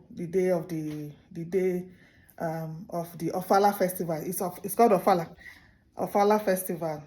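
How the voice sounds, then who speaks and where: Woman hosting, telling a story, animated, lots of restarts, mellow warm voice. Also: fairly low pitch. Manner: animated, full of restarts and laughs. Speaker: host. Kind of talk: casual storytelling to camera.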